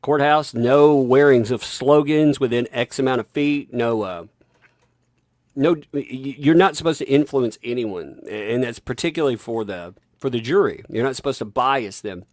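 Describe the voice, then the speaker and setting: A man's voice: medium pitch, normal speed, a little mellow, dry recording. Guy doing an opinion rant vlog from home, keeps restarting sentences, dry close sound, medium voice. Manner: emphatic, rambling with frequent restarts. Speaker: commentary channel host. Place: home with a basement.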